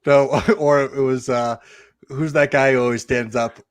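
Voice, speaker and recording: A man's voice: medium pitch, fairly even intonation, measured pace, clean tone, no echo. A man co-hosting a podcast, joking and laughing through loose banter. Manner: joking, laughing, mock announcements. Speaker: podcast co-host.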